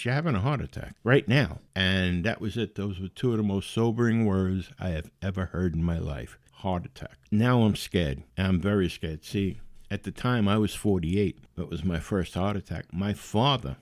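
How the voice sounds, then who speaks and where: A man in his forties with a fairly low voice recounts his own experience in an easy, conversational way, wry and laughing at himself. The sound is dry and close, with no room around it. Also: dry recording. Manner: wry, self-mocking, laughs at himself while telling the story. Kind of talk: casual personal storytelling.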